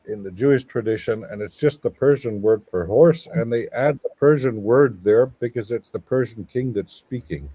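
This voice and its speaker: Male guest scholar, low and husky, lectures in long digressive explanations. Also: mellow, no echo, low-quality recording. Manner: mutters while searching for notes. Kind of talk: live panel discussion.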